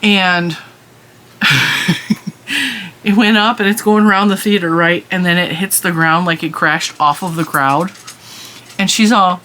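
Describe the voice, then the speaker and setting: Bright, animated woman vlogger, middle-aged, chatty storyteller who laughs easily. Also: on the low side, slow pace, pauses often, a little hiss or hum. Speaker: crochet channel host. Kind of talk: casual chat.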